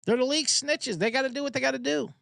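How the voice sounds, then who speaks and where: A man hosting a sports betting podcast, talking casually in an animated, profane, rambling way. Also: very high voice, fast talker, vocal fry, dry recording, clean studio sound.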